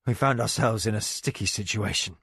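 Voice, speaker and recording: A battered warrior , as a man reads him, speaks low and strained, worn out from wounds but still dryly wry. The sound is close and dry, with no room around it. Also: fairly quick, gravelly, fairly bright tone, slightly rough, dry recording, heavily acted. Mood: weary wry. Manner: weary, strained.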